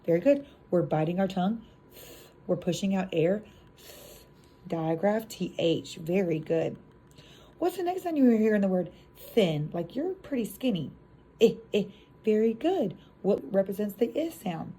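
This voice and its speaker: Animated phonics teacher woman, mellow voice. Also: medium pitch, husky. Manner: animated classroom teacher voice, drawn-out sounds; casual asides to other teachers. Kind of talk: phonics lesson demonstration.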